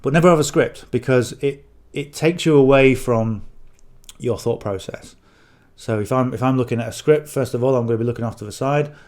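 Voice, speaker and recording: Middle-aged northern english bloke rambling to the camera, keeps saying okay and you know, mid-pitched voice. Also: male voice, brisk, darkish tone. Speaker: affiliate marketing coach. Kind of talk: casual talk to camera.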